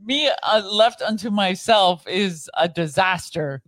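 A woman's voice: mid-range voice, animated, measured pace, fairly bright tone, no room sound, clean studio sound. A woman co-hosting a casual chat podcast, teasing her partner and laughing often. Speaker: podcast co-host.

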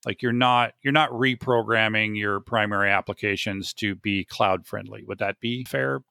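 A man hosting an interview, asking probing, measured questions. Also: on the low side, fairly even intonation, gravelly, pushed and bright, clear, resonant tone, no echo, studio quality. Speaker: host. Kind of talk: conversational interview.

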